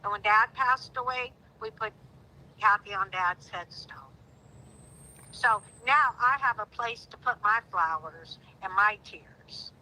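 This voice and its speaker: A woman's voice: mid-range voice, slow pace, sharp tone, low-quality recording. A middle-aged woman speaking with heartfelt emotion in a casual conversation, growing indignant at times. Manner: heartfelt, rising to indignant outbursts. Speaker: guest.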